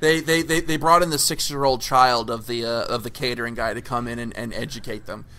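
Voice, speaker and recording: Bright-voiced rambling male podcast host. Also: medium pitch, steady tone, brisk. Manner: rambling, many fillers and restarts, swears casually. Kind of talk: casual podcast chat.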